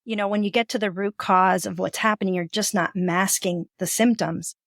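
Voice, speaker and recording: A woman's voice: medium pitch, fairly even intonation, moderate pace, a bit bright, no echo, studio quality. A woman hosting a podcast, affirming her guest and asking guiding questions. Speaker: podcast host. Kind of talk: casual interview conversation.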